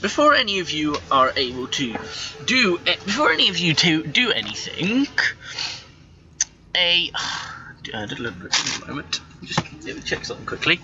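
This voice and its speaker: A man running a tabletop game as game master over a voice call, talking in halting bursts full of restarts. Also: on the high side, big pitch swings. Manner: halting, with many restarts and stammers. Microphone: computer microphone on a voice call. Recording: dull voice-chat audio with faint noise.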